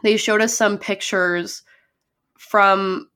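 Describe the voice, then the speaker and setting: A woman's voice: medium pitch, steady tone, slow pace, pushed and bright, smooth. Young female podcast co-host, casual fangirl chat, peppered with "like", slight cold. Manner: gushing, heavy use of "like". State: sick with a sore throat.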